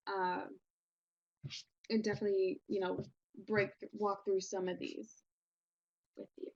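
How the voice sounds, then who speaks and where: A woman's voice: mid-range voice, level tone, measured pace, no echo, highs cut off. Casual encouraging woman teacher. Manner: casual, encouraging, many fillers. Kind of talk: recorded online lesson.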